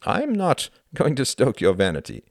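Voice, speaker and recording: A man's voice: mid-range voice, wildly swooping pitch, normal speed, no room sound, studio quality, pitched above the performer's own voice. A man reading aloud and voicing a young German man who questions his friend in a frank, amused, probing way.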